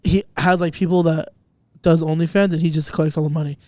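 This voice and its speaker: A man's voice: fairly high pitch, steady tone, quick pace, warm tone, dry recording. A young man co-hosting a podcast, chatting loosely with a joking, profane manner. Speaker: podcast co-host. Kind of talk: casual chat.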